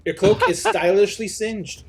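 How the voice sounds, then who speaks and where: A man's voice: high-pitched, unhurried, over music. A man narrating a tabletop game as game master, playful and dramatic, cursing now and then.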